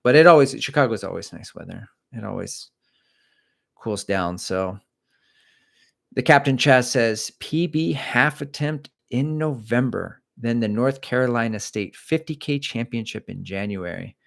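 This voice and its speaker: A man's voice: mid-range voice, a little slow, vocal fry, a bit bright. A middle-aged man hosting a casual livestream, reading out viewer comments and chatting in a rambling, self-deprecating way.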